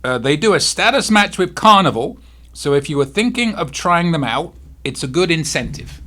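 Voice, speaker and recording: A man with a slightly high voice gives cruise tips to camera from home. He keeps it soft because his face hurts to move, and he keeps breaking off to deal with a cat that will not settle. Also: expressive, moderate pace. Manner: talks softly, easily distracted by a restless cat. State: sore face, sore to talk. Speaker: cruise vlog host. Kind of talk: casual to-camera vlog.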